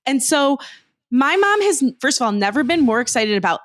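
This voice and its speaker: A woman guesting on a podcast, telling stories in an animated way with laughter. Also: high-pitched, normal speed. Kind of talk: casual podcast chat.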